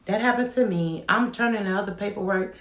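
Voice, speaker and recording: A woman's voice: medium pitch, brisk, a bit bright, roomy sound. A woman who runs a home child care business, talking frankly to the camera and telling her stories with emphasis. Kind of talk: candid talk-to-camera advice.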